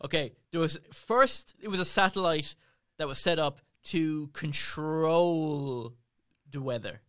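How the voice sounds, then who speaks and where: A man co-hosts a chatty podcast, rambling his way into each point. His voice is bright and a little high. The sound is dry and close. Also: slow pace, no room sound. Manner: rambling, sets up points with "right" and "okay". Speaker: podcast co-host. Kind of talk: casual podcast banter.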